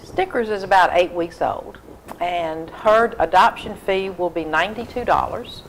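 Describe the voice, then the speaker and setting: A woman speaks as a guest on a local TV show, explaining things earnestly and steadily. She uses lots of fillers as she goes. Her voice is somewhat low, with faint hiss behind it. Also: measured pace, rough recording. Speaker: humane society volunteer guest. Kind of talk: casual interview.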